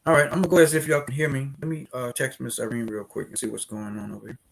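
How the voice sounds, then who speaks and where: A man's voice: mid-range voice, flat delivery, fast talker, gravelly. A man from New Orleans with a New Orleans accent, hosting a casual livestream and chatting directly with viewers before presenting steps. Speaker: host of a business credit livestream.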